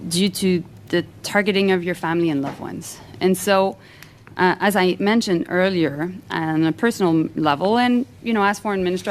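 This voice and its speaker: A woman speaking as a government minister at a hearing, formal and evasive in a measured way. Her voice sits a little low. The clip has faint room ambience behind her. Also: slight background noise. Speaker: foreign minister. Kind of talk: parliamentary committee answer.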